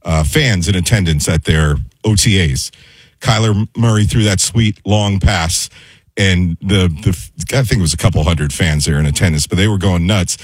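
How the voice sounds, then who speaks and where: Male sports radio regular, calm and measured, low husky voice. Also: no room sound. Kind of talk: casual sports talk.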